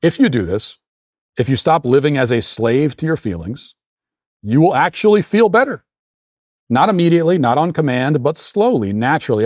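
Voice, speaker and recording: A man's voice: mid-range voice, darkish tone, dry recording, studio quality. A man hosting a show and delivering a blunt, emphatic opinion monologue in a lecturing tone. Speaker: political commentator hosting a show.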